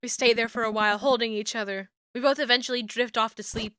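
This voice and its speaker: A woman's voice: fairly high pitch, fairly even intonation, quick pace, bright, forceful tone, clean tone, no echo, clean studio sound. A woman streamer reading a story game aloud, swearing casually and laughing often. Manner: laughs a lot, swears, reads dialogue aloud.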